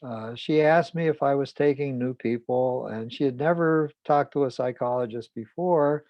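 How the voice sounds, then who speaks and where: An older man, a psychologist, recounting a therapy case in a halting way, often repeating words. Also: medium pitch, dry recording, highs cut off.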